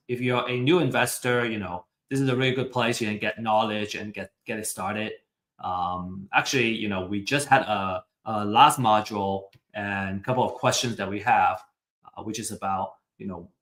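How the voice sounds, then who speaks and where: A man's voice: fairly low pitch, fairly bright tone. A man giving a live real estate webinar presentation, talking hesitantly with many fillers. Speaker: webinar speaker. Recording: roomy echo.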